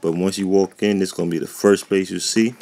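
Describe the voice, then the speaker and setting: A man with a low, deep voice talks casually over a game, rambling and often losing his thread. His voice has a gravelly, creaky edge. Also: fairly even intonation, fairly quick, mellow. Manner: rambling, chatty, loses his train of thought. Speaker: gaming YouTuber. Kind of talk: casual gameplay commentary. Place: warm indoor room at home.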